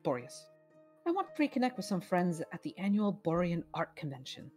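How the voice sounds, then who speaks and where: Girl doing a traveler lady in a tavern, put-on accent, lively up and down voice. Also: lowish voice, soft background music. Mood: friendly. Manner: tries on an accent, slightly halting. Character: traveling woman customer bound for an island convention.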